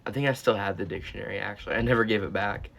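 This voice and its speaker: A man's voice: fairly low pitch, fairly even intonation, very fast, gravelly, a bit bright. A teenage boy telling a storytime vlog as a YouTuber, rambling and swearing, with lots of "like" and "uh.". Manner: rambling, profane, full of "like" and "uh".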